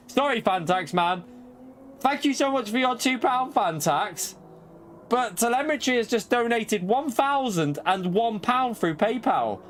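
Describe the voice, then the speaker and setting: A British man streaming a racing game live, chatting casually to his viewers in an excitable way, laughing often and swearing when something shocks him. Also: extremely high pitch, measured pace, slight background noise.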